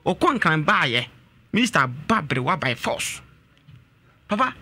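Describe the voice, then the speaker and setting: A man phones in to a talk show to tell a story about his family. He speaks haltingly with many fillers, in a bright voice whose pitch leaps about. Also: big pitch swings. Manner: hesitant, full of "eh" fillers. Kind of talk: telling a family story on a call-in.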